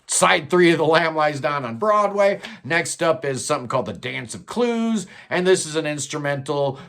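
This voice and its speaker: A man's voice: mid-range voice, fairly bright tone. A man giving a casual, rambling album review, enthusiastic and full of fillers. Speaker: music reviewer.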